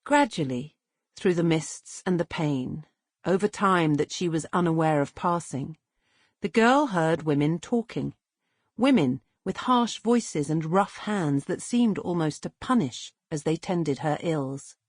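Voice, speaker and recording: A woman reading a dramatic novel aloud as an audiobook narrator, measured and expressive, close to the mic. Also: low voice, no room sound. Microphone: close studio mic.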